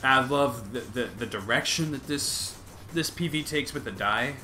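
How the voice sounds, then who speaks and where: A man's voice: mid-range voice, a little slow, bright, forceful tone, soft background music. A young man streaming live, rambling casually as he reacts to his chat and to videos, with lots of "like" and restarts.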